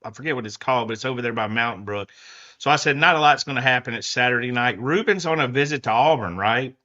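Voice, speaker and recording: A man with a bright, forceful tone tells lively stories on a sports talk show. He goes from low murmurs to excited bursts. The sound is muffled and lo-fi. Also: fast. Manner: lively storyteller, swings from quiet to loud. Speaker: guest reporter. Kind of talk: casual sports talk storytelling. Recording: muffled lo-fi audio.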